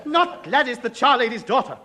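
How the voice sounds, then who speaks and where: A squeaky whining new schoolboy. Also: male voice, very animated, brisk, sharp tone, some chatter behind, heavily acted. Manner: whining, eager-to-please schoolboy. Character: new schoolboy at a boarding school, timid and plummy. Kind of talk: 1950s radio comedy acting. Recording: hissy old radio broadcast recording.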